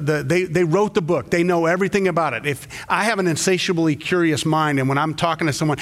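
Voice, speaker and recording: Preaching in a church, a middle-aged pastor weaves in stories and dramatizes quotes, his pitch leaping suddenly. His voice has a fairly bright tone.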